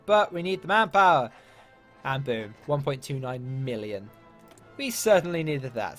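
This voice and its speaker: English guy playing a strategy game, talks to himself, faint music under it. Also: a little high. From England. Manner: chatty, thinks aloud, mutters asides and laughs. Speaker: let's play gamer. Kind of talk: casual strategy game commentary.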